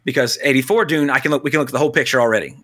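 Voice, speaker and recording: Blunt, bright-voiced man ranting. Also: medium pitch, rapid-fire. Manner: blunt, animated, swears casually. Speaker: podcast co-host. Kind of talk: casual opinionated film talk.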